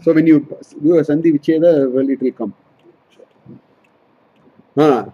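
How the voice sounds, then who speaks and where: A man's voice: on the high side, steady tone, measured pace, breathy edge, muffled recording. A man teaching a scripture study class, explaining verses line by line and often repeating and correcting himself. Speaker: Vedanta teacher.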